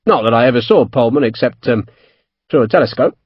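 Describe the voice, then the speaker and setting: A man's voice: mid-range voice, brisk, breathy edge, no echo, highs cut off, close to an everyday voice. A man voicing a plain-spoken, guarded army officer in an audiobook, respectful and careful with his words. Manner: respectful, careful, says sir. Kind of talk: audiobook character voice.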